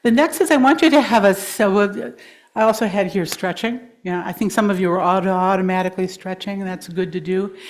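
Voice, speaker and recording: Gentle woman guiding a breathing exercise. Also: mid-range voice, a little fast. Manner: gentle, encouraging, laughs easily. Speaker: guest speaker. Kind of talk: guided breathing exercise in a talk. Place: congregation hall.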